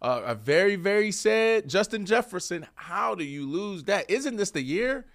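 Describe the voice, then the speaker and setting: Speaking in a high voice at normal speed, this ex-wide receiver debates sports casually on a podcast he co-hosts. His arguments are animated, shifting between loud and soft.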